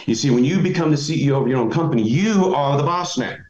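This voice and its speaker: A man's voice: on the high side, expressive, fast, darkish tone. A middle-aged man giving motivational advice as a podcast guest, emphatic and folksy. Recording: roomy, dull lo-fi audio.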